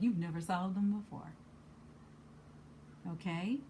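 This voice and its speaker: A woman's voice: on the low side, a little slow, long pauses, mellow, slight background noise. Earnest woman giving a card reading. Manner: earnest, emphatic, repeats key phrases. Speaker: card reader.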